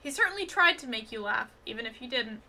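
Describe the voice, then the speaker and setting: Bright-voiced woman co-hosting a film podcast. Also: a little high, animated, gravelly. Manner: enthusiastic, quick to agree, playful. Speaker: podcast co-host. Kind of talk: casual film review chat.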